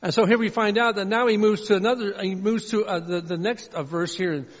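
A pastor preaches fervently and repetitively, often drifting into prayer, his high, ringing voice carrying through a long-echoing sanctuary. He speaks fairly quickly with fairly even intonation. The audio is dull and muffled, like an old reverberant church recording.

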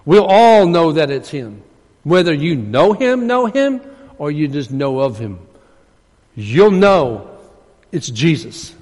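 A man preaching a sermon as pastor, swinging between emphatic preaching and hushed asides. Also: a little high, sing-song, slow. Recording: long reverb of a large hall.

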